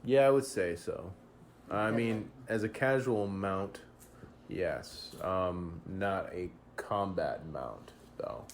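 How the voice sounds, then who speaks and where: A man running a tabletop game as game master, narrating with many pauses and fillers. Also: low voice, a little hiss or hum. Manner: hesitant, filler-heavy narration.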